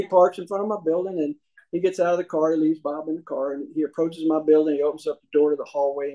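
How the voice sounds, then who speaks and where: A man tells his life story to a meeting audience. His voice sits a little above the usual male pitch. He talks in a folksy, humorous way and acts out the voices of the people he quotes. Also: warm tone, poor audio. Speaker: speaker sharing his recovery story.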